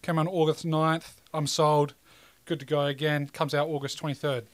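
A man's voice: on the high side, little pitch movement, normal speed, no echo. Laid-back man, dry sound. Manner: laid-back, swears casually. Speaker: podcast co-host. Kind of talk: casual chat.

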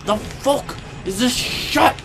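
A man doing angry let's-play commentary, swearing constantly and swinging between yelling and grumbling. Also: extremely high pitch, slow pace, over music. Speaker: gaming video host.

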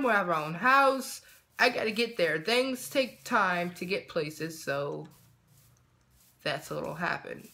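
Bright-voiced man chatting through a game. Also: fairly high pitch, creaky, slight background noise. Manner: chatty self-talk, quick excited outbursts. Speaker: gaming channel host. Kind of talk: casual let's-play commentary.

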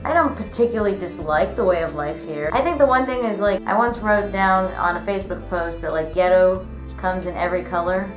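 A woman's voice: medium pitch, a little fast. A young woman vlogger answering viewer questions in a casual, rambling chat full of fillers. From United States. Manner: chatty, rambling, lots of "like" fillers. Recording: echoey room with music behind. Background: background music.

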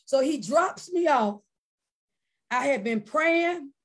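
Female church missionary, high voice, lively storyteller who acts out voices and erupts in praise. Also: slow pace. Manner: animated storytelling, acting out quoted voices; bursts into shouted praise. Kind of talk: personal testimony at a prayer service.

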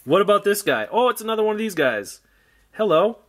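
A man's voice: high-pitched, sing-song, fast, fairly bright tone, slight background noise. A man giving casual unboxing commentary on old action figures, rambling with wry, jokey asides. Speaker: toy collector vlogger.

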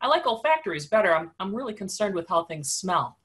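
A woman's voice: mid-range voice, sing-song, fast, a bit bright. A woman hosting a casual web conference discussion, wry and opinionated with a jokey edge. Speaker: host.

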